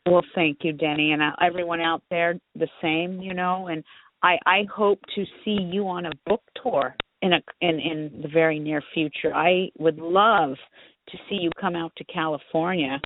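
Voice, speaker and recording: With a fairly low pitch, fairly even intonation and normal speed, this woman hosts a talk radio show. She gushes over her guest in a chatty, casual phone interview sprinkled with warm-hearted asides, heard on a tinny line with faint hiss.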